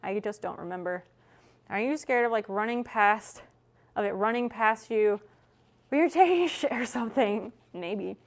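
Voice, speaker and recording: A woman's voice: medium pitch, moderate pace. Young woman, streamer, casual and chatty, swears freely, talks while working.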